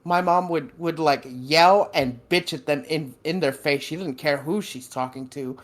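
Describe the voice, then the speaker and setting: A man's voice: on the high side, normal speed. A man co-hosting a podcast in loose, casual chat, swearing and laughing as he talks about his father. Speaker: podcast co-host.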